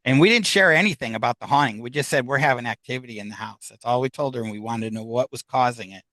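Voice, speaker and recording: A man's voice: medium pitch, fast talker, pushed and bright, no room sound. A middle-aged American man, a guest, telling a long personal story casually and acting out what other people said. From United States.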